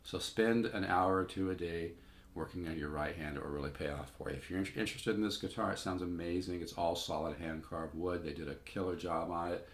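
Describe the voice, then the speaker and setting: An older man, folksy and plainspoken, teaching guitar technique and pitching a guitar for sale while he plays. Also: fairly quick. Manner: folksy, plainspoken, repeats himself. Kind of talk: casual guitar demo and sales pitch. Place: room while playing guitar. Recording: echoey room with guitar. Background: his own guitar playing.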